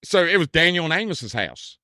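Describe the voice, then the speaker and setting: A man's voice: fairly high pitch, sing-song, a little fast, sharp tone, no echo, studio quality. A man, hosting a podcast and rambling through a story in casual chat, full of "dude" and "like.". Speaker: podcast host.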